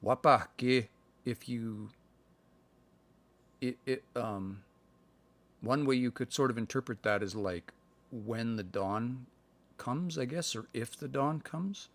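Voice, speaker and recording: A man from Canada giving a casual livestream language lesson, thinking aloud and slowly sounding out words between fillers. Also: mid-range voice, no echo. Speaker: language learner sharing practice phrases. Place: indoors, livestream. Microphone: phone.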